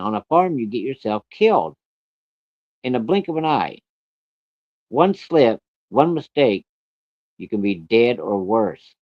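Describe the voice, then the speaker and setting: A man's voice: on the low side, lightly acted. A man voicing a farm mother who lectures her son firmly about danger, emphatic and cursing a little. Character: stern but caring farm mother, scolding. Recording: dry, dull lo-fi recording.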